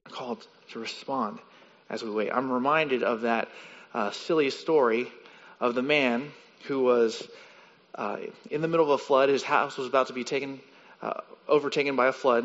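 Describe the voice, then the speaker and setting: A pastor preaching a sermon, teaching and sometimes acting out the voices in his stories. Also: a bit bright. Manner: teaching, acts out story voices with rising pitch. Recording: muffled sound with long hall reverb.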